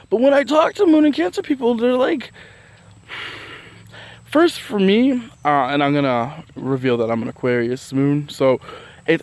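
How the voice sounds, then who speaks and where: A male vlogger with a medium-pitched voice chats casually about astrology, with no room sound. He rambles with plenty of fillers and restarts, often bursting into laughter between points.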